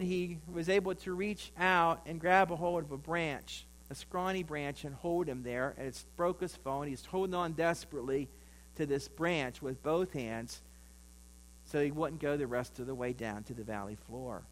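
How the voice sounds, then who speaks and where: A pastor preaching a sermon, telling a story and acting out the voices in it. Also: male voice, a little high, fairly bright tone, poor audio.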